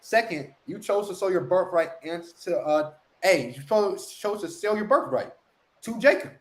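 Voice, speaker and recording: A man's voice: high-pitched, expressive, normal speed. A man teaching scripture street-style in a slightly raised voice. He is emphatic and slangy, circling back to the same catchphrases again and again.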